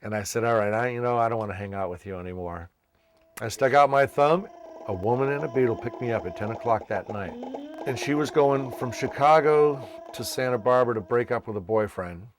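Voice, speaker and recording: A man's voice: mid-range voice, brisk, noisy background. A man from Massachusetts, a children's entertainer, casually telling his life story and acting out the voices of people he met. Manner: animated, acts out quoted voices.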